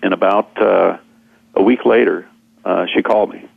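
A man with a low, gravelly voice tells a long story on a guest spot, circling back with fillers and repeated words. The line is tinny and narrow like a telephone, and the sound is close and dry. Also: steady tone, moderate pace, no echo. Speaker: seminar speaker and guest. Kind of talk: storytelling in conversation.

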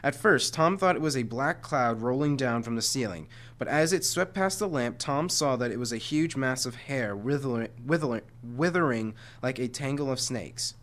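A man's voice: mid-range voice, expressive, moderate pace, hardly any pauses, fairly bright tone. A man reading a chapter book aloud to listeners, often stumbling and correcting himself. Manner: frequent stumbles and self-corrections.

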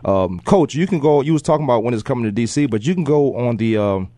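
A man's voice: medium pitch, animated, quick pace, mellow, no room sound. A man in his forties hosting a sports talk radio show from the studio, joking and rambling with lots of fillers. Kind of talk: casual talk radio chat.

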